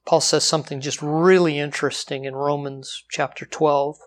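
Guy preaching, goes slow on the verses then shoots way up loud, drops to near quiet too. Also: steady tone. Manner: dynamic delivery, slows for scripture, jumps high for emphasis, drops to quiet. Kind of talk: sermon.

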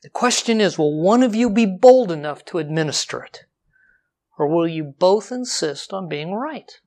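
A man preaching a sermon, slowing down for scripture and rising sharply for emphasis. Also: expressive. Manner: dynamic delivery, slows for scripture, jumps high for emphasis, drops to quiet.

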